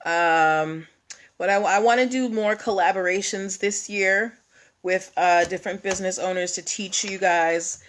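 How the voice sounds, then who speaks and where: A woman hosting a casual livestream, chatting with viewers, greeting them by name and filling pauses with ums. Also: lowish voice. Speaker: livestream host.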